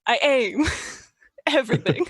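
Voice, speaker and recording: Upbeat woman player with a higher voice. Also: lively intonation, takes it slowly, husky, no room sound. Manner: upbeat, playful. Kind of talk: casual tabletop game chat.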